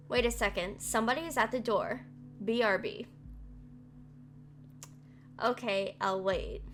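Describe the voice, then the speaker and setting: A woman streaming a game live, reading its text aloud and chatting back at the story in a lively, talkative way. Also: fairly high pitch, measured pace, pauses often, faint music behind.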